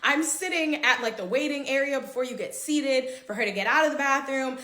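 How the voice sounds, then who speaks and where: A woman's voice: sits high, a little fast, reverberant. A young woman casually telling a dramatic story about a friend while she gets ready, and she acts out the dialogue. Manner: animated, dramatic retelling with quoted dialogue.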